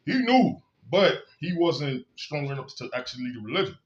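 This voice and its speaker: A man vents his own story straight to camera in a candid monologue. He talks bluntly, swears freely and hammers his points with emphasis. His voice sits somewhat high, and the recording sounds dull and lo-fi. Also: sing-song, moderate pace. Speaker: vlogger.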